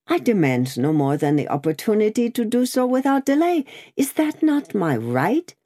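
A woman's voice: medium pitch, big pitch swings, normal speed, warm tone, dry recording, clean studio sound, pitched above the performer's own voice. A woman reading an audiobook, voicing an anxious, indignant male prisoner in his late thirties who protests and pleads.

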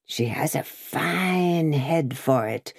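A woman reading aloud, voicing a cruel male revolutionary juror with a croaking voice and slow, relishing delivery. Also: low-pitched, expressive, dry recording, studio quality, exaggerated voice. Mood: gloating.

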